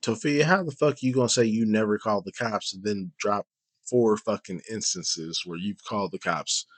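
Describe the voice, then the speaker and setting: Blunt, mocking low-voiced man. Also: moderate pace, no room sound. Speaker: streamer reacting to a clip. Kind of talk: profane reaction commentary.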